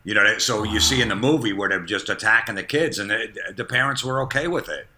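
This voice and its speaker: A man's voice: lowish voice, brisk, bright, forceful tone. A man in his fifties, a comedian guest, telling blunt stories in casual podcast chat and laughing at himself.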